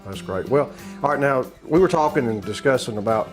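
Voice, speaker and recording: A man's voice: mid-range voice, lively intonation, a little fast, music in the background. A man with a Southern US accent hosting a cooking show, chatting casually with many fillers and restarts. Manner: rambling, hesitant, many fillers.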